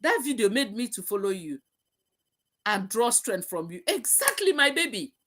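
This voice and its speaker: Passionate woman with a lively bright voice. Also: fairly high pitch, normal speed. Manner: passionate, repetitive, preaching. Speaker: host. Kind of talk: emotional live-stream talk.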